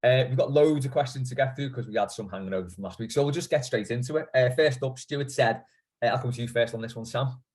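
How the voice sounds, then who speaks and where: A man hosting a casual podcast, relaxed and chatty, reading out listener questions. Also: medium pitch, quick pace. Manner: relaxed, chatty, uses filler "uh". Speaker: podcast host.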